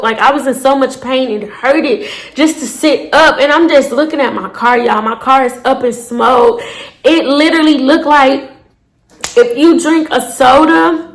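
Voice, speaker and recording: A young woman, telling a dramatic storytime to her viewers with shouted bursts and cursing. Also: high-pitched. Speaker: storytime vlogger. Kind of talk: casual storytelling to camera.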